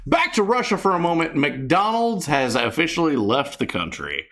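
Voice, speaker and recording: A man's voice: fairly high pitch, sing-song, normal speed, fairly bright tone. A man co-hosting a casual comedic news stream, reading headlines with wry asides.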